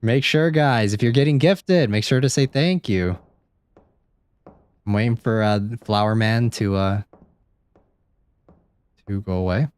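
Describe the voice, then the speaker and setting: A man streaming a horror game live, reacting out loud, swearing and chatting to viewers. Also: fairly low pitch, unhurried, pauses often, clear, resonant tone, dry recording. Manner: jumpy, swears often, chats to viewers. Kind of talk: live gameplay commentary.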